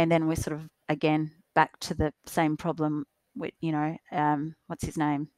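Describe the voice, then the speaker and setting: A woman's voice: low voice, completely flat delivery, a little slow, dry recording. A woman guest on a podcast, speaking casually and hesitantly, with many fillers and restarts. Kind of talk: casual discussion.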